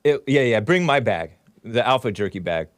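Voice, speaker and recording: A man's voice: medium pitch, animated, normal speed, no echo. A man hosting a podcast in casual chat, chatty and laughing often, sometimes talking while chewing. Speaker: podcast host.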